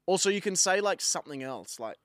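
A young man, co-hosting a podcast, teasing his friend and slowly dragging out riddle clues. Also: high voice, animated, fairly bright tone, dry recording, clean studio sound. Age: young adult. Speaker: podcast co-host. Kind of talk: casual banter.

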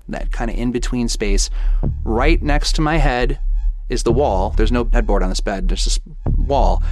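A man in his thirties tells a personal ghost story in a loose, conversational way. He keeps slipping into quoted dialogue, and his voice sits at an ordinary middle pitch. Music plays underneath him. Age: 30s. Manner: casual and animated, acting out back-and-forth dialogue. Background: background music.

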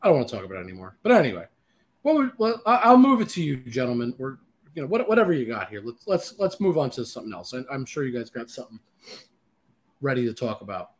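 Lively, teasing sports show host man. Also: mid-range voice, fast. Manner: teasing, animated. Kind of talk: casual sports talk.

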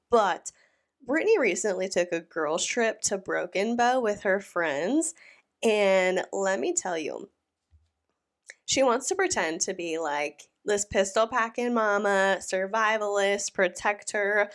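A young woman hosting a reaction video, sounding out of breath from a sinus illness, rambling and teasing in casual chat. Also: mid-range voice. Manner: rambling, playful and mocking. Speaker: YouTube reaction host. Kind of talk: casual chatty commentary.

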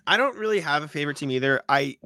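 A man's voice: on the high side, expressive, fast, gravelly, bright, forceful tone, no echo. A man co-hosting a casual sports podcast, easygoing, laughing often and hedging with filler words. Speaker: podcast co-host.

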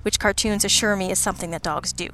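A woman's voice: mid-range voice, steady tone, fast, pushed and bright. Wry woman narrating a story. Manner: wry, dry, ironic. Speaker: audiobook narrator. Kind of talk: scripted first-person narration.

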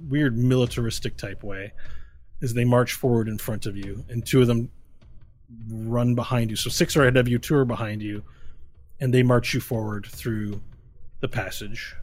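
A man's voice: mid-range voice, a little hiss or hum. A man narrating a tabletop game as game master, descriptive with some fillers.

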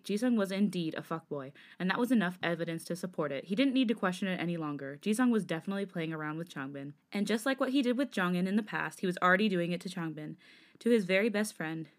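A woman podcast host reading fan fiction aloud in an expressive, dramatic way. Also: on the low side.

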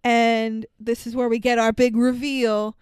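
A woman with a fairly high, smooth, clean voice retells a film scene by scene, animated and swearing freely. Her voice sits close to the mic, dry with no room sound at all. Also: a little slow, no room sound. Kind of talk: casual movie recap.

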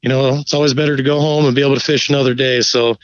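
A man spins a fishing yarn in an easygoing, profane, animated way. His voice sits at an ordinary pitch. The sound is slightly dull and very dry. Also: rapid-fire, dry recording. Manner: laid-back, profane, animated storyteller. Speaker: guest angler. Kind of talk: casual storytelling.

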